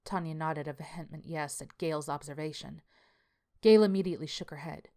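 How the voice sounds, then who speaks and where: A woman narrating a scripted story in a measured, even way. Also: sits low.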